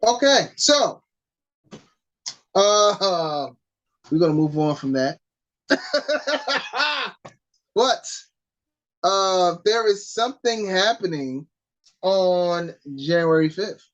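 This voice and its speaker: Slow-talking playful woman. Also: medium pitch, expressive, lo-fi sound. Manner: playful teasing, drawn-out pauses. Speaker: podcast co-host. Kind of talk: casual chat.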